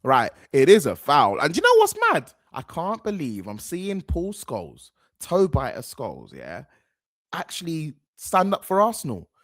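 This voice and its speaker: A man's voice: fairly high pitch, wildly swooping pitch, normal speed, no room sound, clean studio sound. A young man, giving slangy, rambling, outspoken reaction commentary as a football fan host.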